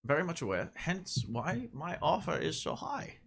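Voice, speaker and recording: A man's voice: on the high side, very animated, moderate pace, gravelly, fairly bright tone, slightly rough, voice pushed up, heavily acted. Man doing a haughty alien merchant. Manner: cold, formal and imperious.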